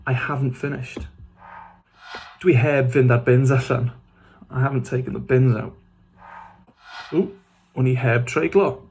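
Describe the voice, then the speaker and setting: A man with a gravelly, fry-tinged voice at a middle pitch gives a casual scripted lesson, saying phrases and glossing them in English. His humour is dry and self-mocking. A faint hiss sits under the recording. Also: steady tone, unhurried, long pauses, darkish tone. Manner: switches between Welsh phrases and English glosses. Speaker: Welsh language teacher.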